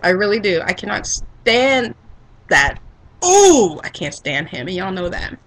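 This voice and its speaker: Sassy, lively-voiced woman ranting. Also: lowish voice, normal speed, poor audio. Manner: sassy, animated, laughs often. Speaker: vlogger. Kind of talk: casual rant to camera.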